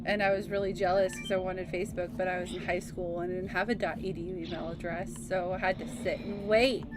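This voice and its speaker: Her voice on the low side and her tone level, a woman in her thirties talks fairly quickly during a casual gaming stream. She chats, reminisces and laughs readily over game music.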